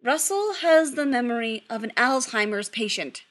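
A woman voicing a flustered, exasperated young man who gets shrill and impatient. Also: very animated, unhurried, bright, forceful tone, exaggerated voice.

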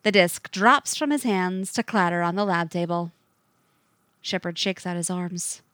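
A woman narrating a fiction story aloud with an expressive, varied delivery. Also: fairly low pitch, unhurried, dry recording, clean studio sound.

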